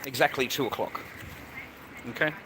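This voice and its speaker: A man's voice: mid-range voice, moderate pace. A young man with an Australian accent, livestreaming from an outdoor city street and talking to his viewers in a laddish, swearing way. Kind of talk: live street-stream commentary. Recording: loud street traffic noise. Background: traffic and street ambience.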